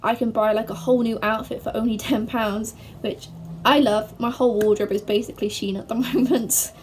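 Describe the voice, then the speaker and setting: A woman's voice: on the high side, slight background noise. Bubbly young woman vlogging. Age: young adult. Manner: chatty and bubbly, quick bursts when excited. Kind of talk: casual to-camera Q&A.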